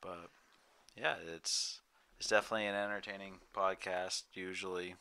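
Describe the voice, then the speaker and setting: A man's voice: deep voice, level tone, moderate pace, pushed and bright, smooth, dry recording. A man co-hosting a casual book podcast, teasing and easygoing. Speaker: podcast co-host.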